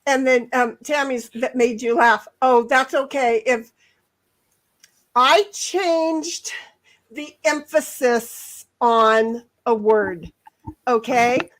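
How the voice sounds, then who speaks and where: High-voiced woman chatting on a livestream. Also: slow pace. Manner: giggly, rambling storyteller with many restarts. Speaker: livestream co-host. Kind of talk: casual chat.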